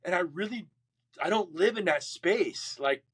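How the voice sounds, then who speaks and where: A man's voice: sits high, a little slow, breathy edge. A middle-aged man, a Marine veteran guest, telling his life story in an interview, acting out the voices of people in it. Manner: animated, acts out quoted voices, frequent restarts.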